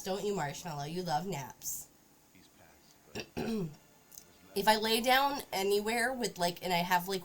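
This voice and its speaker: A woman streamer chatting casually while crafting at home, often cooing at her cat. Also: on the low side. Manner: chatty, talks baby-talk to her cat. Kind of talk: casual livestream chat.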